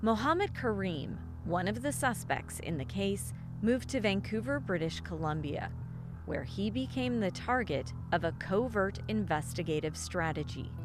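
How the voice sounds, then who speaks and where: A woman giving scripted documentary narration in a steady, even delivery. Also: medium pitch, unhurried. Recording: narration over background music.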